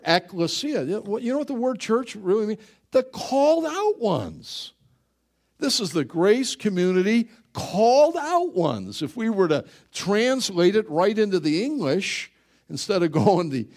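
A man's voice: sits high, a little mellow. A man preaching a sermon in a conversational way, often asking the congregation questions and repeating words for emphasis. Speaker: pastor.

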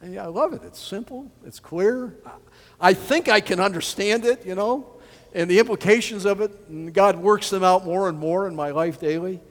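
A man preaching a sermon in an emphatic, animated way with frequent restarts. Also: sits high, normal speed. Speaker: pastor. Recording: long hall reverb.

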